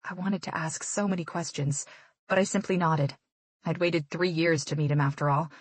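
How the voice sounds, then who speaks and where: A woman's voice: sits low, fairly even intonation, moderate pace, no room sound. A woman narrating a romance audiobook in first person with an intimate, reflective manner.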